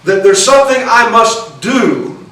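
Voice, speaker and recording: A man's voice: very high-pitched, lively intonation, unhurried, fairly bright tone. A pastor preaching a sermon in a church, earnest and restarting phrases as he builds each point. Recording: echoey hall, voice from far off the mic.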